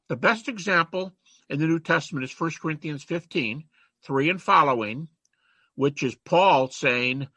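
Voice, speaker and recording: A man giving an online lecture, animated and chatty, reciting rhymes and quotes as he teaches over a video call. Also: a little high, normal speed, slightly rough, dry recording.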